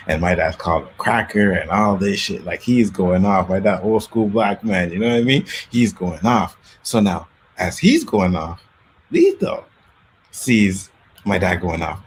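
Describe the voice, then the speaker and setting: A man hosting a casual talk show, telling street stories from his youth in Canada with lively acted-out quotes. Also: sits low, normal speed, slight background noise. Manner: animated storyteller, acts out quotes. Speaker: podcast host. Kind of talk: casual storytelling chat.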